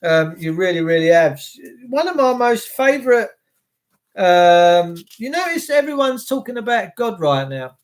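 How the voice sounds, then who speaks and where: A man's voice: high voice, big pitch swings, unhurried. Indignant English man ranting. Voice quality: coarse, sweary. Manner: indignant, repetitive rhetorical questions. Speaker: commentator. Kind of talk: ranting monologue.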